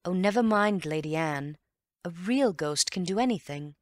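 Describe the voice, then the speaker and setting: A woman reading an audiobook and voicing a calm, wry gentleman amateur detective who reasons in an unhurried, teasing way. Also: on the low side, dry recording, studio quality, close to an everyday voice. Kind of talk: audiobook character voice.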